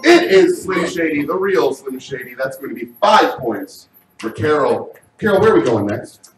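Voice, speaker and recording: A man hosting a live game show, energetic and often shouting, recorded from a distance in an echoey room. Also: on the high side, moderate pace, faint music behind.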